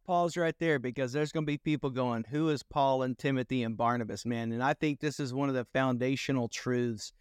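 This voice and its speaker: A man's voice: medium pitch, fairly even intonation, fairly quick, few pauses, smooth, no echo. Male podcast host, mid-range voice, earnest and upbeat, dry close-mic sound. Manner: earnest, encouraging, asks long framing questions. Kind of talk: casual ministry podcast interview.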